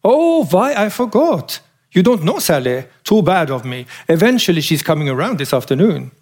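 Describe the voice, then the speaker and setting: A man's voice: high-pitched, big pitch swings, normal speed, darkish tone, pitched above the performer's own voice, full character voice. A man voicing a vain, self-satisfied young womanizer who talks in a lazy drawl. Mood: smug.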